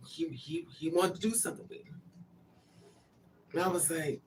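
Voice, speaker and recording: A person telling a personal story in a casual monologue, blunt and animated, swearing freely and breaking into loud, emphatic bursts. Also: mid-range voice, normal speed, pauses often, recorded from a distance, a little hiss or hum.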